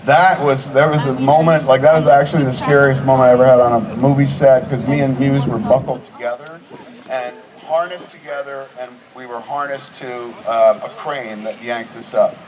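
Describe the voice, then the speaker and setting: A filmmaker in his forties, a guest at a screening Q&A, tells rambling, profane, animated anecdotes to the live audience. His mid-range voice moves at a moderate pace, picked up by a distant mic amid crowd and audience noise.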